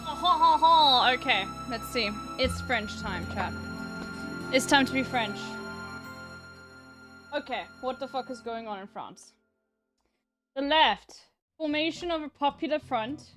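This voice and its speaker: A woman streamer with a high, fairly bright voice reads posts aloud and reacts to them on a live stream, swearing freely. Faint music plays in the background.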